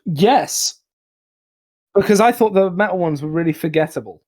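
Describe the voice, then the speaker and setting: A young man co-hosting a casual album review chat, rambling with restarts and quick laughs. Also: sits high, crowd noise. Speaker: podcast co-host.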